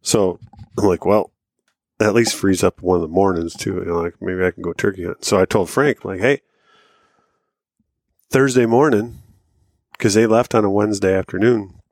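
A man's voice: low voice, steady tone, moderate pace, pauses often, a little mellow, no room sound, clean studio sound. A man in his thirties, a podcast co-host telling a rambling, profane hunting-and-fishing story with laughs along the way. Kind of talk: casual storytelling.

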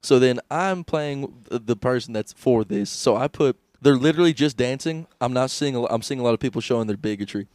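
A man's voice: mid-range voice, fairly quick, hardly any pauses, a little mellow, no room sound, clean studio sound. A young man co-hosting a comedy podcast, rambling crudely with restarts and laughs, hungover. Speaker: podcast co-host. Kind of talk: casual comedy podcast chat.

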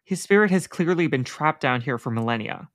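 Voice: medium pitch, animated, fairly quick, dry recording, lightly acted. A podcast reader voicing a hurt, guarded teenage boy demigod while reading a novel aloud. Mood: upset.

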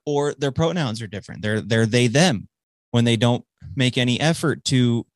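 A man's voice: medium pitch, normal speed, no echo. A man hosting a show, talking casually in a rambling way with lots of swearing and restarts, recorded close on a dry mic. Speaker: podcast host. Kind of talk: casual chat.

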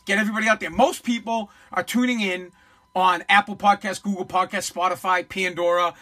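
A man's voice: sits high, fairly even intonation, a little fast, pushed and bright. A man from Boston hosting his own podcast, ranting in a blunt, mocking and profane way. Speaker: podcast host. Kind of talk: ranting solo podcast commentary.

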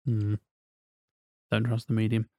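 A man co-hosting a casual podcast, narrating plot and tossing in quick quips. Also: fairly low pitch, monotone, a little mellow, no room sound, studio quality. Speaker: podcast co-host. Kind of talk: casual chat, reading out a film pitch.

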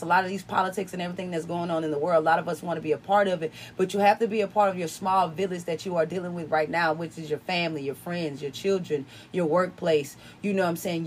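A woman's voice: on the low side, a little hiss or hum. A woman with a slight Southern country twang hosting a podcast. She talks casually but preaches at times, repeats phrases for emphasis and swears freely. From upstate New York. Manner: repetitive, preachy, profane. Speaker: podcast host. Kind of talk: casual spiritual chat.

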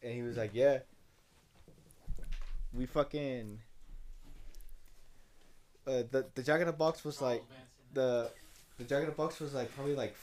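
A young man with a mid-pitched voice tells a drunk story. He rambles and swears, with many restarts, as a podcast co-host chatting with friends. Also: measured pace, long pauses. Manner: rambling and profane, restarts a lot, gets loud when excited. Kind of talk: casual chat, storytelling.

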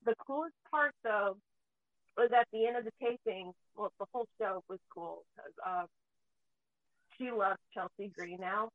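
Her medium-pitched voice moves a little slowly, with no echo, through a tinny, phone-like dry recording. She's a mother hosting casual talk, spinning stories freely and swearing heavily.

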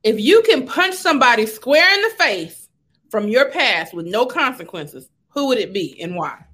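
A woman hosts a loose, casual interview, teasing her guest and laughing often. Her voice sits high and bright. Her pitch swings widely from line to line. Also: very animated, normal speed, breathy edge. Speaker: host.

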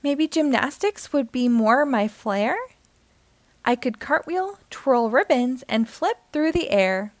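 A high, earnest little girl seahorse, as a woman reading a storybook puts her on, bright and eager in a gentle sing-song rhyme. The sound is close and dry, with no room around it. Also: expressive, takes it slowly, no room sound. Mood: hopeful.

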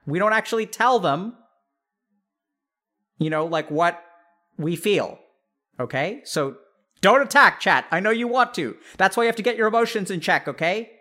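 A man's voice: high voice, lively intonation, normal speed, long pauses, pushed and bright. A man hosting a podcast, giving casual mental health advice to a live chat in a direct, coaching way with frequent check-ins.

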